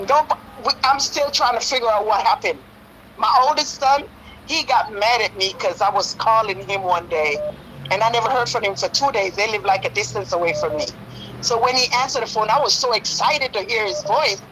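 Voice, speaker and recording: A woman's voice: fairly high pitch, moderate pace, bright, forceful tone, a little hiss or hum, rough recording. A woman in her fifties calling in to a talk show, pleading and telling a hurtful story at length. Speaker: caller. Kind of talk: call-in radio talk.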